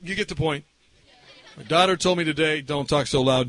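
A man preaching a sermon, telling a story and swinging between shouting and whispering as he acts it out. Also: fairly high pitch, big pitch swings, fast talker.

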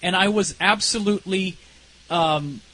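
A man telling an emotional personal testimony in an earnest, halting way, his voice dropping low and soft at the most intense moments. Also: a little hiss or hum, low-quality recording. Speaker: speaker sharing a personal testimony.

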